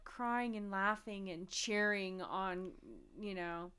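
A woman co-hosting a podcast in casual chat, talking in an expressive, rambling way with lots of restarts and slangy asides. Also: mid-range voice, slow pace, clean tone. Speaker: podcast co-host.

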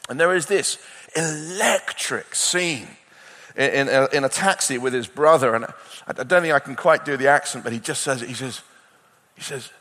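A man preaching a sermon to a conference crowd, his voice moving between loud urgency and quiet intensity. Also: medium pitch, moderate pace. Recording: long hall reverb.

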